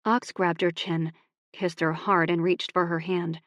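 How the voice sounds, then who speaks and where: A woman narrating a romance audiobook in a calm, even voice on a close studio mic. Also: fairly low pitch, normal speed, dry recording, dull audio.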